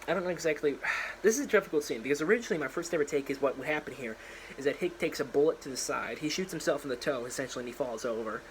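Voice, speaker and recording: Talking into a phone propped up in front of him, a young vlogger rambles through a story idea with lots of fillers and quick restarts, now and then voicing the characters' lines. His pitch is medium, and the low-quality recording carries a faint hiss beneath his voice.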